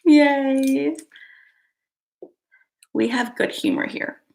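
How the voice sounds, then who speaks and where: A woman hosting a casual live stream, chatting to viewers and reading their comments, giggling often and drifting into soft asides. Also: on the high side, unhurried.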